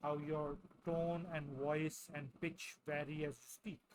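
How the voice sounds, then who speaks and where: A male English tutor with a slightly raised pitch talks his class through speaking answers. He goes slowly and carefully, and he often tags his points with a questioning "right?". Faint ambient sound sits behind him. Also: flat delivery, a little hiss or hum, poor audio. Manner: slow, deliberate delivery with frequent "right?" tags. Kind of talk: explaining and demonstrating speaking answers.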